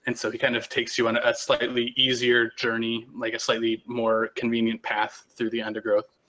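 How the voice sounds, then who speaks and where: Game master, man, mid-pitch, bright tone, loose casual narration. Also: completely flat delivery, normal speed. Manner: loose, filler-heavy narration with restarts.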